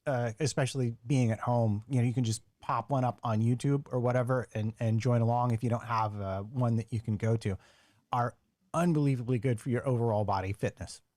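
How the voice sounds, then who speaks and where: A man's voice: medium pitch, darkish tone, no echo, clean studio sound. A grown man chatting from home, telling a self-mocking story and acting out his own thoughts. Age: adult. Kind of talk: casual chat, anecdote. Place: home, remote call.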